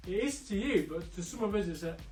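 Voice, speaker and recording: A man's voice: high-pitched, lively intonation, quick pace, distant mic. Chatty man hosting a quiz, roomy. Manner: chatty, upbeat, teasing shout-outs. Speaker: quiz host. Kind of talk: live-streamed quiz banter. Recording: roomy, off-mic, faint music.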